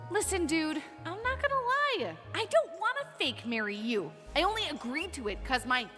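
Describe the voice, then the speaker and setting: A woman's voice: extremely high pitch, very animated, moderate pace, pushed and bright, big-room sound, soft background music, full character voice. Woman playing a bratty young princess. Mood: sassy. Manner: sassy, flippant.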